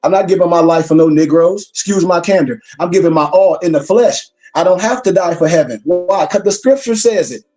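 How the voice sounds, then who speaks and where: A male minister delivers a class lecture in a high but mellow voice. He is emphatic and preacherly, circling back to repeat key lines. Faint music hums behind him. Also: fairly quick, hardly any pauses.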